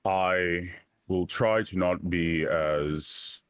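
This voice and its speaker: A man's voice: low-pitched, fairly even intonation, extremely slow, no echo. A man playing a polite, wary character in a tabletop game, speaking hesitantly and searching for words. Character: polite, wary young man seeking help.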